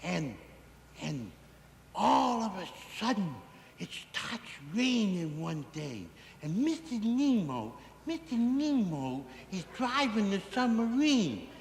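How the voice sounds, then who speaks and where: A man's voice: high-pitched, sing-song, takes it slowly, gravelly, echoey room, big-room sound, a little hiss or hum, exaggerated voice. A man voicing a dim, cheerful man-child barfly who rambles through a goofy tall tale in a 1960s TV variety sketch. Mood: goofy rambling. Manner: rambling, goofy punchline storytelling with wheezy giggles.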